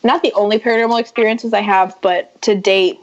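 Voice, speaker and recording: A woman guest on a podcast telling a personal story in casual chat, animated and acting out the voices of people she quotes. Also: medium pitch, a little fast. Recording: muffled lo-fi sound.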